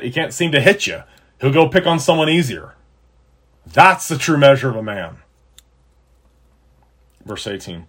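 A man preaching an earnest sermon to his listeners, emphatic, swinging between loud and quiet. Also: mid-range voice, slightly rough. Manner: earnest, emphatic, rises and drops in loudness. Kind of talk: sermon-style teaching.

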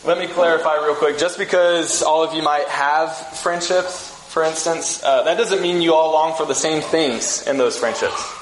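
A man's voice: a little high, moderate pace, hardly any pauses, slight background noise. Man preaching in an echoey church. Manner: relaxed, storytelling, frequent restarts. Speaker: pastor. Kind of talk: conversational sermon. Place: church sanctuary. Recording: echoey room with faint ambience.

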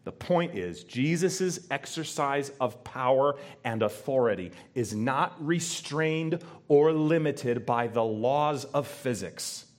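A male pastor preaching in church, his voice climbing on key words to drive the point home. He talks straight to the congregation with questions, in an animated, emphatic delivery. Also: medium pitch, takes it slowly, few pauses. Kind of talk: sermon.

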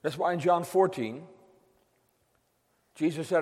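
A man preaching a sermon to his congregation, slow and emphatic, drawing out phrases and dropping suddenly quiet. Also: high voice, animated. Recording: long hall reverb.

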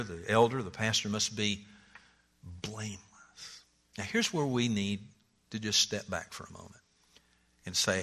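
A male pastor preaching a sermon, animated, rising and dropping his voice and acting out the people he quotes. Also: mid-range voice. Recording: long hall reverb.

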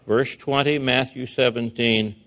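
A man's voice: mid-range voice, steady tone, measured pace, fairly bright tone. A man preaching a sermon, reading verses and explaining them with emphatic rhetorical questions. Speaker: pastor. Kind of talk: expository sermon.

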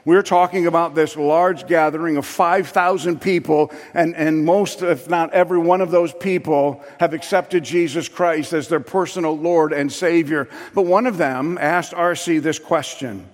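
A man preaching a sermon with passion, building to loud emphatic peaks. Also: a little high, fairly even intonation, normal speed, hardly any pauses, big-room sound.

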